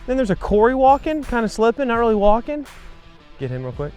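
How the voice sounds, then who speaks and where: A man's voice: very high-pitched, very animated, brisk, darkish tone, soft background music. A man casually telling wry, joking stories to the camera on a trip. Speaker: vlog regular.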